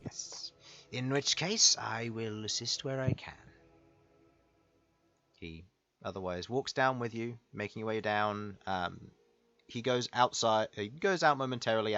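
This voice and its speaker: A man's voice: fairly low pitch, fairly bright tone, no echo, highs cut off. A man narrating as game master of a tabletop game, rambling with many fillers.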